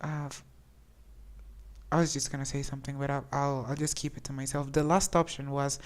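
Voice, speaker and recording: Casting: woman streamer, low-pitched, chatty and hesitant, game commentary. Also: level tone, a little fast. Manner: chatty, hesitant, many restarts. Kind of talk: casual gameplay commentary.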